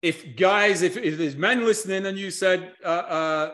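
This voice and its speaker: A man giving a lively, energetic lecture and asking his listeners to write things down. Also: high voice, measured pace. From United Kingdom. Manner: energetic, animated presenting with audience tasks. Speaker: history and culture speaker.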